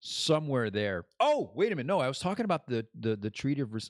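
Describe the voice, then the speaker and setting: A man's voice: medium pitch, very animated, quick pace, few pauses, dry recording, studio quality. A man hosting his own podcast in a casual, rambling monologue that drifts between topics and laughs at his own jokes. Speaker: podcast host.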